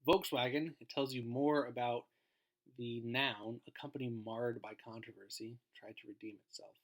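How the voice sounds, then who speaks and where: A man's voice: medium pitch, steady tone, moderate pace. A man giving a recorded grammar lesson as a guest teacher, explaining in an informal way and trailing off at the ends of phrases.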